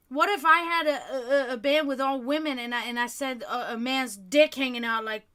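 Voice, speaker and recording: Ranting fast and heatedly with plenty of profanity, a European woman hosts a livestream in casual talk. Her voice is high, pushed, and bright.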